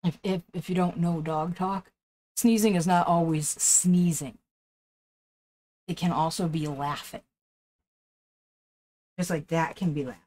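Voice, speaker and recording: A woman's voice: mid-range voice, a little slow, long pauses, dark tone. A woman streaming live, chatting casually with viewers and cooing baby talk at her dog. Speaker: game streamer.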